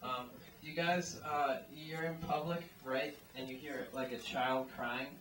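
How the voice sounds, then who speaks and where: Rambling stand-up comic in an echoey room. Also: male voice, medium pitch, steady tone, unhurried. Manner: rambling, filler-heavy delivery full of "like" and "um". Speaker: stand-up comedian. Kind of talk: stand-up comedy set. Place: small live comedy venue. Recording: echoey room, mic at a distance.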